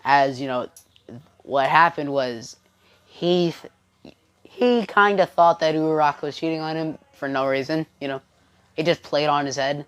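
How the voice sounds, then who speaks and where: A woman's voice: deep voice, a little slow, clean tone. A woman improvising a fan-fiction story aloud, rambling with many fillers.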